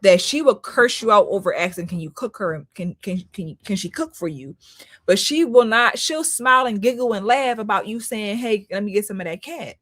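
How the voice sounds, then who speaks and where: A woman's voice: medium pitch, animated, moderate pace, fairly bright tone, no room sound, studio quality. A woman hosting a live-stream commentary, critical in tone, often repeating herself for emphasis and talking to viewers as "y'all". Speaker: host.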